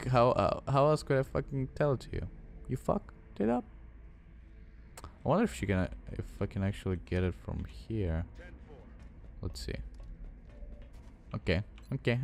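A man's voice: medium pitch, animated, moderate pace, a little hiss or hum. Profane young man trash-talking a game. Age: young adult. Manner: profane, trash-talks his own game units. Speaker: gaming channel host. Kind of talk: let's play commentary.

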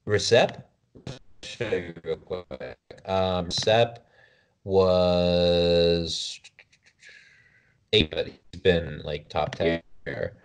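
A man's voice: deep voice, fairly even intonation, extremely slow, pauses often, clear, resonant tone. A man co-hosting a casual podcast, bantering loosely and rattling off names and results. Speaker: podcast co-host.

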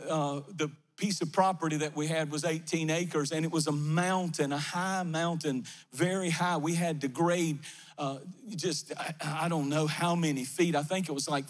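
A man's voice: on the high side, steady tone, normal speed. A middle-aged man, a pastor preaching a fervent, sing-song sermon in a near-empty church.

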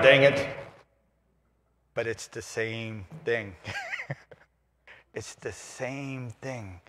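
A man giving a lively homily, acting out voices and asides, in a large church. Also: medium pitch. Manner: animated, acts out voices and asides. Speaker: priest. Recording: roomy church reverb.

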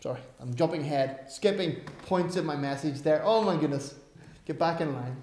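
Male pastor, slightly high voice, emphatic delivery with wry asides, recorded in a reverberant church. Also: normal speed, a little mellow. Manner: emphatic, with self-aware asides. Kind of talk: sermon. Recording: roomy church echo.

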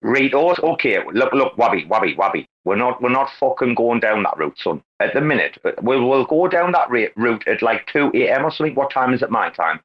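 A man hosting a crypto talk space, brash and excitable, swearing constantly in casual banter. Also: medium pitch, fairly quick, few pauses. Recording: lo-fi online call audio.

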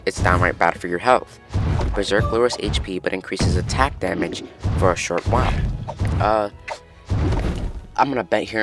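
A man hosting a casual game news update, talking excitably and rambling, often restarting his sentences. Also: lowish voice. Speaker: gaming news host.

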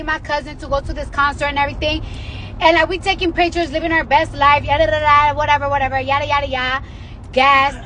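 A woman livestreaming from inside a moving car, talking brashly and excitably, swearing and repeating herself. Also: sits high, a little hiss or hum. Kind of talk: casual livestream chat.

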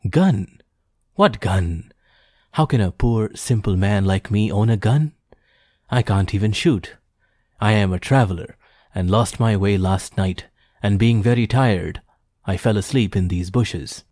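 A man's voice: lowish voice, unhurried, a little mellow, no echo, studio quality. A man voicing a humble, wily poacher who pleads earnestly with the hunter. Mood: protesting innocence.

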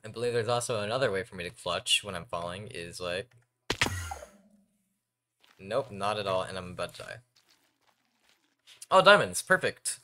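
A man's voice: low-pitched, expressive, normal speed, pauses often, sharp tone, a little hiss or hum. A young man commentating his own game, talking to himself and his viewers and yelping when startled. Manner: jumpy, talks to himself and viewers, yelps when scared. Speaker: gaming YouTuber. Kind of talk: Minecraft let's play commentary.

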